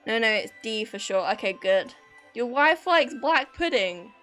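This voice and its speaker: A young woman with a British accent talks through a live stream in a loose, rambling way, answering her chat as she goes. Her voice sits a little high, and quiet background music plays under her. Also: expressive, measured pace. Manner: chatty and rambling, reacting to chat with frequent laughs. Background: faint background music.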